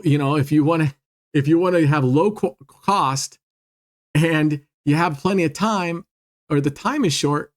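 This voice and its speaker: A man hosting a casual gambling walkthrough from home, talking chattily and cheering and laughing when bets land. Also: mid-range voice. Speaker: casino strategy channel host.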